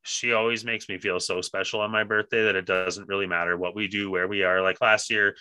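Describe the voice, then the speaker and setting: A man's voice: lowish voice, flat delivery, a little fast, sharp tone, smooth, no room sound. A man in his thirties co-hosting a podcast, talking in a laid-back way, laughing often and swearing casually. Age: 30s. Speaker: podcast co-host.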